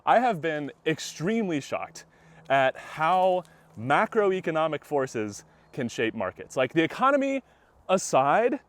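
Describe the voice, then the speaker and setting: A man's voice: fairly high pitch, sing-song, unhurried. A young man talking casually about markets while out on a walk, a little out of breath and laughing often mid-sentence. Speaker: vlogger. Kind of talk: walking-and-talking vlog commentary. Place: outdoors on a walk.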